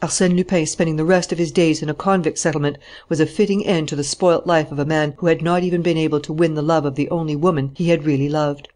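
An audiobook narrator reading a novel in a steady, even storytelling manner. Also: medium pitch, fast, hardly any pauses. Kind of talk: scripted narration.

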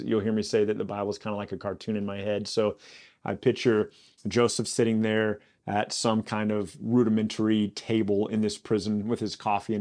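A man, a pastor, teaching a Bible study podcast, telling the story in an animated, joking way and building to loud exasperation. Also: on the low side.

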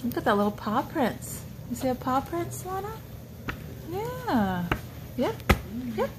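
A woman's voice: sits high, sing-song, measured pace, heavy background noise. A woman reading a picture book aloud to a small child, coaxing and pointing things out with questions. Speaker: storybook reader for a child.

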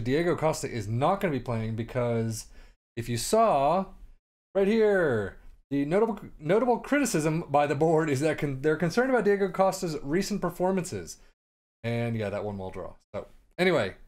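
A man with a slightly high, slightly mellow voice casually commentates on his own soccer management game. As a gaming commentator he is sarcastic and rambling, sometimes slipping into a mock announcer voice.

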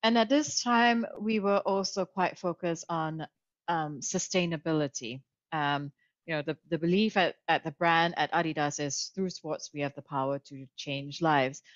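A woman guest on a podcast, answering in a measured way with frequent fillers. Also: low-pitched, dry recording. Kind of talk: interview answers. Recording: dull lo-fi audio.

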